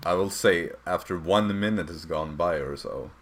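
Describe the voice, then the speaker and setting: A young man narrating as dungeon master, rambling and halting with many fillers. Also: low voice. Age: young adult. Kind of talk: narrating a tabletop game.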